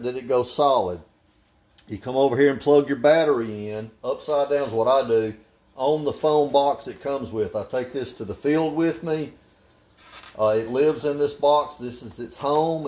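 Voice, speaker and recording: A man's voice: mid-range voice, darkish tone. An older man giving a casual, folksy how-to demonstration at home, plain-spoken and walking through each step. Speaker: hobbyist demonstrating a model plane.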